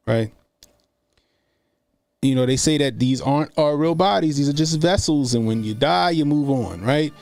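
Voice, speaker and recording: A man's voice: a little high, a little mellow, no echo. A man hosting a casual live stream, telling loose, profane, laughing stories and answering chat comments, speaking. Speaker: streamer host.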